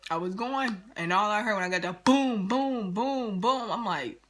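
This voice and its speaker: A woman vlogger telling a story in an animated, slangy, dramatic way. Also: medium pitch, moderate pace, hardly any pauses. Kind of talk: storytime vlog.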